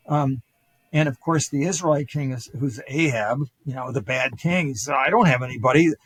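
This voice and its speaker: A man's voice: medium pitch, normal speed, breathy edge, no room sound, poor audio. An older man, a historian guest on a podcast, retelling ancient stories casually with quoted voices and many fillers and restarts. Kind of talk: casual storytelling lecture.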